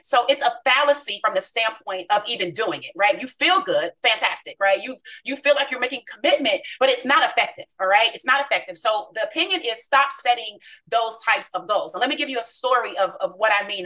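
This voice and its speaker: A woman's voice: on the high side, lively intonation, fairly quick, few pauses, bright, forceful tone, distant mic, low-quality recording. A woman giving a motivational talk to her team on a group call, in an upbeat coaching tone that keeps checking in with the listeners.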